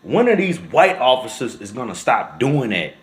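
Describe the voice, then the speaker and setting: A young man, talking to camera in casual, emotional commentary. He is upset and indignant and says "man" again and again. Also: very animated. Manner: drawn-out and low when shaken, rises sharply when angry. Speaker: vlogger.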